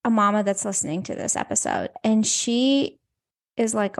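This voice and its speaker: A woman hosting a faith podcast, talking earnestly in a casual conversational way with many quick "like" asides. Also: mid-range voice, huge pitch swings, gravelly. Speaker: podcast host.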